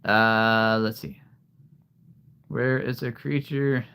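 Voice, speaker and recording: A man's voice: medium pitch, steady tone, slow, pushed and bright, smooth. A man from Nebraska, a livestream host chatting casually with viewers, laughing often. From Nebraska, USA. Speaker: livestream host showing a creature collection.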